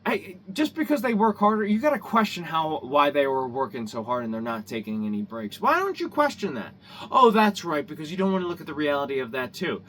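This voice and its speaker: A man's voice: fairly high pitch, sing-song, brisk, a bit bright, slight background noise. A man ranting angrily to camera in a vlog, swearing heavily, repeating himself and stumbling over restarts. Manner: profane, heated, repetitive, stumbling restarts. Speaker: vlogger. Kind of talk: angry rant to camera.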